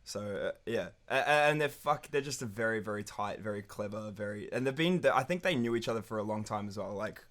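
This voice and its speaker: Male musician guest, lowish voice, keen and profane, casual chat. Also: animated, fairly quick, few pauses, fairly bright tone. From New Zealand. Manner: enthusiastic, swears freely. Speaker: guest band member.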